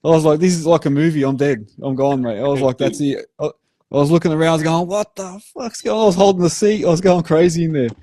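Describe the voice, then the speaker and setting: Aussie bloke, kinda high voice, yarning away, dry close sound. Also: male voice, fast, no echo. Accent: Australian. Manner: animated storytelling, swears casually. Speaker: podcast host. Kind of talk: casual chat.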